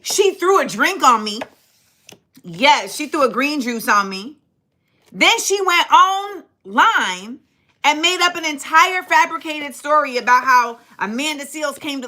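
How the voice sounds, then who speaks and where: Middle-aged woman host, dramatic storyteller, lively high pitch. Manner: animated, dramatic retelling with acted-out quotes and laughter. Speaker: livestream host. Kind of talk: casual storytelling to a live chat.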